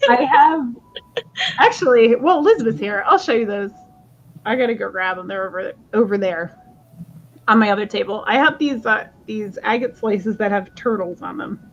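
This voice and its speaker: A woman's voice: medium pitch, moderate pace, highs cut off, a little hiss or hum. A woman hosting a live stream auction of stones, chatting casually and laughing often. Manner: chatty, laughs often, jokes about accents.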